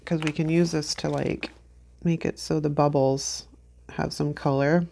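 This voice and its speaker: A woman's voice: low-pitched, level tone, a little slow, creaky, dark tone, slight background noise. A woman hosting a planner channel, talking through a craft tutorial in a chatty, rambling, self-deprecating way. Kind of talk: casual craft tutorial chat.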